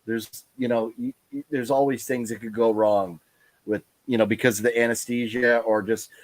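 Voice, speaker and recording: A tired man chats on a live stream, rambling through his thoughts with plenty of fillers and restarts. His voice sits at an ordinary pitch, and the sound is close and dry with no room echo. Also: fairly even intonation, moderate pace. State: tired, yawning. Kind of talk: casual live stream chat.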